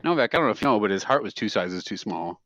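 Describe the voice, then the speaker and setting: A man's voice: on the low side, lively intonation, fast, fairly bright tone, dry recording. A man co-hosting a podcast, rambling through casual funny stories and often laughing at them. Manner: rambling storyteller who laughs at his own stories. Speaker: podcast co-host. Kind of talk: casual chat. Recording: dry, slightly dull podcast mic.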